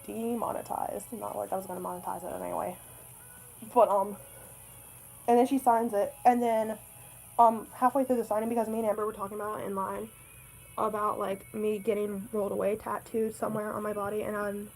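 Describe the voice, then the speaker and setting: A woman's voice: mid-range voice, little pitch movement, fairly quick, vocal fry, soft background music, low-quality recording. A young woman telling a story in a casual vlog, rambling, swearing and joking at her own expense. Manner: rambling, swears a lot, self-deprecating. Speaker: vlogger.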